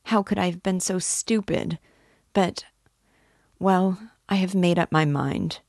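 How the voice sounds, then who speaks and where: A woman reads an emotional young woman torn in love, who pleads and breaks off halfway through her sentences. The voice sits low and slow, with a gravelly edge. The sound is close and dry. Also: a little mellow, no echo. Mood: pleading. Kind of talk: dramatic reading of a novel.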